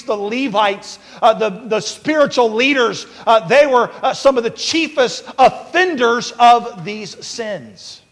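A man preaching a sermon as pastor, with many fillers and restarts, building to repeated shouted warnings. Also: high voice. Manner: preaching with rising shouts and repetition. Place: church sanctuary. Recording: long hall reverb.

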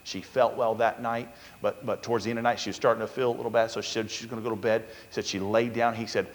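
A male pastor preaching a sermon, telling a story with sudden swings from loud urgency to a hushed, quiet voice. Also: fairly low pitch, flat delivery, fast talker, in a large hall.

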